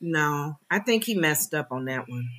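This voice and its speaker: A woman's voice: low-pitched, expressive, unhurried, a bit bright. A woman co-hosting a casual talk show, chatting informally and laughing often. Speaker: co-host.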